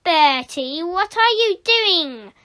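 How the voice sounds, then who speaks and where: A woman reading the lines of a bold, mischievous schoolboy playing pirate, with shouted pirate cries. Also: high voice, sing-song, slow, heavily acted. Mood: defiant.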